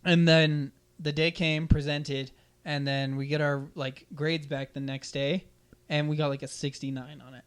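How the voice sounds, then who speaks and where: A man's voice: on the high side, moderate pace, clean tone. A young man hosting a podcast, telling a school story in casual chat, swearing freely and acting out the quotes. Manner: animated, profane, acts out quotes loudly. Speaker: podcast host.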